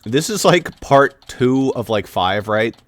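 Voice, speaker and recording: A man's voice: medium pitch, expressive, takes it slowly. A man casually commenting on a story game, joking and swearing while reading lines aloud. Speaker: let's play co-host.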